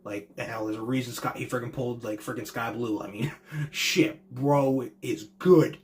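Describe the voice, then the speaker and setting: Excitable young man reacting to wrestling. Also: normal speed. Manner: excitable, acts out wrestlers in high voices; slangy, swears casually. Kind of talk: casual reaction commentary.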